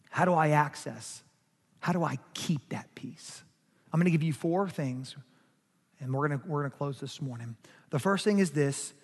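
High-voiced preaching pastor in a hall. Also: male voice. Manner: emphatic preaching, rising and falling in force. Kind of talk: sermon. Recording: long hall reverb.

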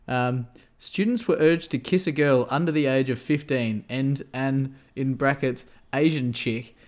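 A man's voice: mid-range voice, unhurried. A young Australian man co-hosting a casual podcast, joking and laughing often. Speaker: podcast co-host. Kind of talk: casual chat.

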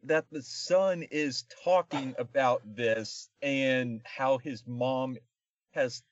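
A man's voice: mid-range voice, slow pace, no room sound, highs cut off. A man co-hosting a casual comedic film review podcast, rambling and sarcastic with lots of fillers. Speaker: podcast co-host.

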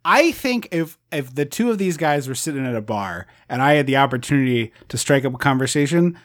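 A man hosting a podcast, rambling with enthusiasm about a movie in casual chat and often trailing off quietly. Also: medium pitch, lively intonation, brisk. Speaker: podcast host.

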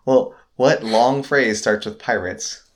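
A woman hosting a casual podcast, playful and teasing as she plays a word-guessing game. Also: a bass voice. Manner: playful and teasing, sounds out garbled phrases slowly. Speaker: podcast host.

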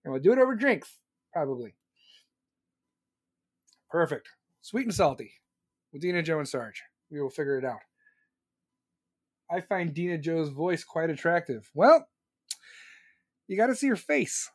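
Guy on a podcast, high voice, swears a lot, goofing on chat, dead dry room. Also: very animated, measured pace, long pauses, no echo. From United States. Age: adult, still working. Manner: profane, joking, rambling banter. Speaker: podcast host reading live chat. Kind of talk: casual live-stream chat.

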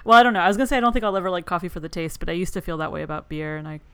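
Female podcast co-host, lowish voice, relaxed and giggly, hedges a lot. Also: racing, clear, resonant tone, dry recording. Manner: laughs often, hedging. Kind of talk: casual chat.

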